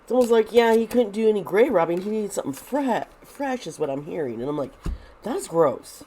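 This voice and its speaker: A woman's voice: medium pitch, lively intonation, fast, mellow, a little hiss or hum. A woman hosting a casual tarot reading, thinking aloud with many restarts and sounding a bit nervous. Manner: nervous, uneasy. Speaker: tarot reader and video host.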